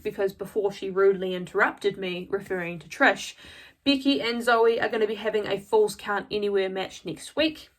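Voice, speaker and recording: A woman talking casually in a vlog, recapping a wrestling episode in a chatty, gushing way and often repeating her words. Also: medium pitch. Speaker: wrestling show reviewer.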